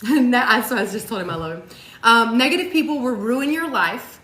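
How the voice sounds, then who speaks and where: A woman's voice: a little high, expressive, normal speed, noisy background. A woman co-hosting a motivational talk, speaking with heartfelt emphasis, repeating herself for weight and swearing casually. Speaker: co-host of a motivational talk show. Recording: echoey room.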